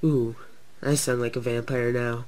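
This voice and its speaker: A young man voicing an excitable, prank-loving male toy engine, loud and playful. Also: mid-range voice, measured pace, lightly acted.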